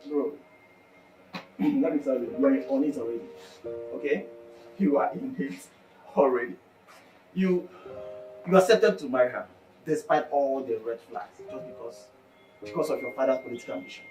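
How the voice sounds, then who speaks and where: A man's voice: medium pitch, normal speed, long pauses, natural voice. An actor playing a blunt best friend who speaks frankly and keeps calling his friend bro. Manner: blunt, calls him "bro". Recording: echoey room, soft music.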